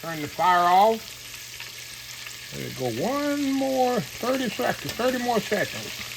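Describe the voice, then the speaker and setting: A man runs a relaxed home cooking show, talking casually and calling everyone "y'all". His voice sits a little high. Loud sizzling oil and kitchen clatter fill the space behind him. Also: slow pace. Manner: folksy and chatty, often calls viewers "y'all", laughs at his own jokes. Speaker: home cooking channel host. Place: home kitchen with shrimp frying. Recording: clear frying and kitchen noise. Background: oil sizzling and frying sounds.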